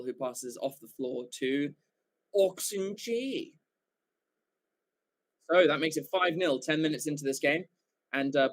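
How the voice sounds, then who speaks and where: A man commentates a rugby match live for his stream's viewers, speaking in a slightly higher register than most men. He sounds like an invested fan rather than a broadcaster, excitable and loose, dropping the odd swear word and correcting himself as the play unfolds. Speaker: watchalong commentator.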